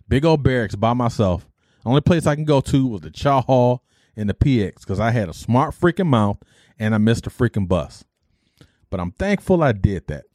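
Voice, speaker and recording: A man's voice: lowish voice, no echo, clean studio sound. A middle-aged man from Detroit, an army veteran, casually telling his life story and acting out the dialogue. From Detroit, USA. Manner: animated retelling, acts out dialogue, mild cursing substitutes.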